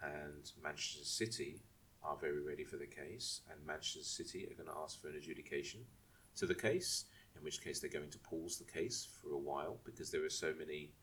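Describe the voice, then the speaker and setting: A very deep-voiced man co-hosting a football podcast in loose casual chat. He rambles, circles back and restarts his questions before explaining at length. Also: a bit bright, a little hiss or hum. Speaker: podcast co-host.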